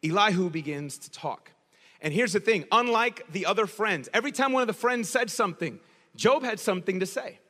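A man preaching a sermon in a casual, slangy, animated storytelling way. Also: high-pitched, brisk, big-room sound.

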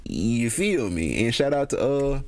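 A young man, talking casually to camera in a rambling, slangy, profane way, his pitch jumping up and down. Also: big pitch swings, a little slow, a little mellow. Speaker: solo vlogger. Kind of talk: casual monologue.

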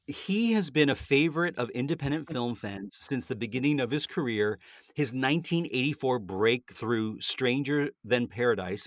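A middle-aged male co-host with a mid-pitched voice reads birthday bios in a friendly, conversational way. He drops personal asides between the facts. The sound is dry and close-miked. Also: dry recording. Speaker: co-host reading celebrity birthdays. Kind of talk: scripted entertainment segment with banter.

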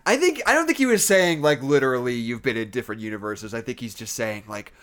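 Laid-back man pitching ideas. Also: lively intonation, quick pace, fairly bright tone, clean tone. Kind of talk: casual podcast chat.

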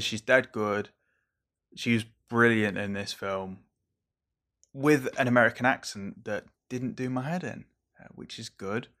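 An English man, a young adult, hosting a casual solo podcast in an excitable, rambling, over-caffeinated way, swearing now and then. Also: fairly low pitch. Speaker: podcast host reviewing films.

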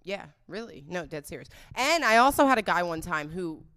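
A woman's voice: fairly low pitch, sing-song, normal speed, fairly bright tone, smooth. A young woman telling a candid, profane dating story in casual chat, giggling as she goes.

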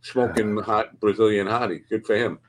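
A man's voice: on the low side, steady tone, moderate pace. A man hosting a podcast, chatting casually in a rambling, crude, joking way. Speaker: podcast host. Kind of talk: casual chat.

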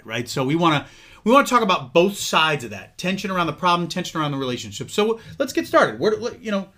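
Middle-aged guy hosting a podcast, bright voice, swoops around a lot, jokey. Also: a little high. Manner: lively, jokey, quick to laugh. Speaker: podcast host. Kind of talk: casual chat.

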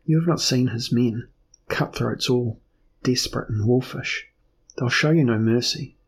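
A man voicing a frightened young woman who speaks in quiet despair, in an audiobook reading. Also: medium pitch, unhurried, breathy edge. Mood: fearful.

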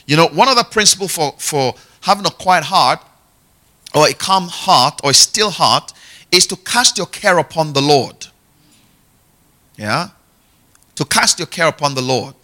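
Lively, bright-voiced man preaching. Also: on the high side, measured pace. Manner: conversational, checks in often with "yeah?" and "okay?"; repeats key phrases. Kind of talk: sermon teaching.

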